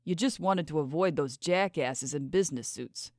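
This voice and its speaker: A man's voice: on the high side, normal speed, no echo, studio quality, close to an everyday voice. A woman voicing a carefree young backpacking musician in his twenties who talks in a breezy, teasing way, in a storybook reading. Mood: easygoing. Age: 20s.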